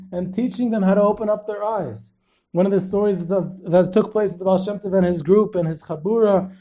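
A man hosting a history podcast, telling stories in a lively way and sprinkling in Yiddish and Hebrew terms. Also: sits high. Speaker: podcast host and tour guide.

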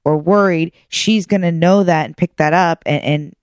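A woman in casual chat, telling a lively story, laughing often and acting out the voices of the people in it. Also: on the low side, moderate pace, no echo, studio quality.

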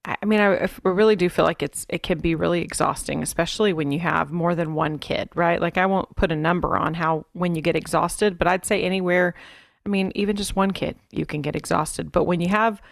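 A woman with a slightly low voice co-hosts a casual parenting podcast. She rambles in a frank, chatty way, looping through half-finished thoughts. The recording is close and dry. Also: fairly even intonation, a little fast, vocal fry, no echo. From Texas, USA. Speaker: podcast co-host.

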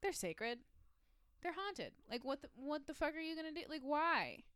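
A woman's voice: high voice, big pitch swings, moderate pace, a bit bright, dry recording, studio quality, voice pushed up. A woman voicing a fellow fisherman who urgently warns a man off, alarmed and incredulous.

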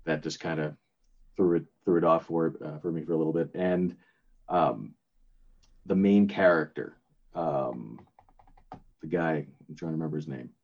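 Very deep-voiced older man, rambling chat. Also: moderate pace, pauses often, darkish tone, dull audio. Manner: rambling, lots of fillers and restarts. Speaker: podcast co-host. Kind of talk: casual chat.

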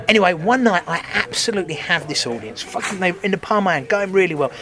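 A stand-up comedian with a high-pitched, fast voice chats casually, telling anecdotes. He's an animated storyteller who acts out crowd voices, swears, and laughs often.

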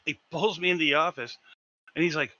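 A man on a podcast telling a story in casual chat, animated and swearing freely. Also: on the high side, fairly quick, no room sound, highs cut off. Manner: animated, swearing, acts out shouted quotes. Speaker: podcast co-host.

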